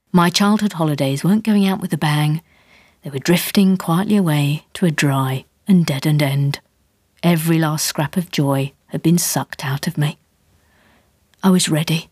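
A woman's voice: low voice, darkish tone, husky, no echo, clean studio sound. A woman narrating a memoir audiobook with wry, comic storytelling.

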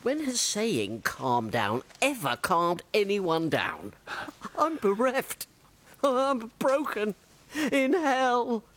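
A man's voice: sits high, huge pitch swings, very slow, fairly bright tone, heavily acted. An actor playing a greedy, miserly old father in a stage comedy, frantic and melodramatic. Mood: wailing.

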